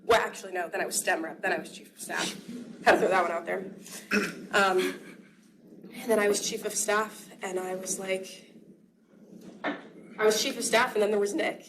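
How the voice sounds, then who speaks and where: A woman's voice: medium pitch, steady tone, normal speed, pauses often. A young woman in student government giving a heartfelt, tearful farewell speech at a meeting, laughing between lines. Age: young adult. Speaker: student government vice president. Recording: noisy room recording.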